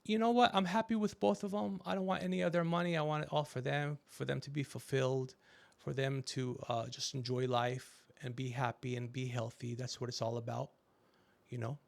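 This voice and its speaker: A middle-aged man hosting a podcast, telling stories in a casual comedic chat and acting out quotes with animated voices. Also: medium pitch, fairly quick, vocal fry. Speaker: podcast host.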